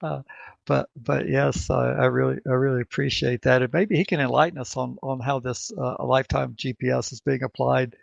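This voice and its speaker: Gravelly Southern man, halting speech. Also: medium pitch, little pitch movement, dry recording. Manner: halting, repeats words while thinking. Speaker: co-host. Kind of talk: casual podcast chat. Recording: dry, dull lo-fi sound.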